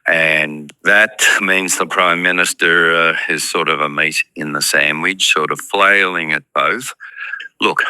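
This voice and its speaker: A man, speaking as a political commentator in a broadcast news interview, measured and hedging with "I think" and "look". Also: deep voice, steady tone, sharp tone, clear, resonant tone, dry recording, low-quality recording.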